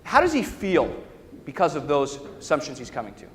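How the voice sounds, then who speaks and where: A man with a fairly high voice leads a workshop, telling a story to a live audience and often pausing to check in with the room. His voice carries a long hall echo over faint background ambience. He sounds like a trainer speaking from the front of a large lecture hall. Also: huge pitch swings, a bit bright, slight background noise.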